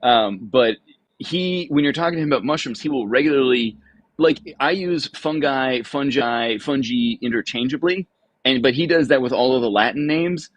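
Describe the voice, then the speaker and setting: A man hosting a mushroom science livestream, talking quickly and chattily, with a lot of laughing and restarting his sentences. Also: medium pitch, no room sound. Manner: quick, rambling talk with frequent laughs and restarts. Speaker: host of a mushroom science channel. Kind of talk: casual livestream chat.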